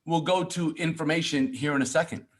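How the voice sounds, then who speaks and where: A man's voice: on the high side, a little fast. A man hosting a team call, upbeat and encouraging to the group. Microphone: online group call.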